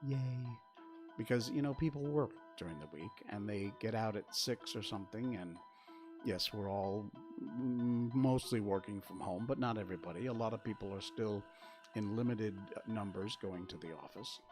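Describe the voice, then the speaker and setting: An older man hosts a livestream from a spare-bedroom studio at home, talking into a desk setup facing a webcam. His lowish voice moves at a normal speed over background music as he rambles, reading his chat with dry sarcasm.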